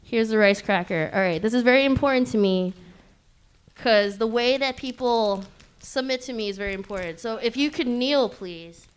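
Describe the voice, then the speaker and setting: A woman's voice: on the high side, normal speed, smooth. A woman hosting a live convention panel, teasing and playful with the audience, laughing often. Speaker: panel host.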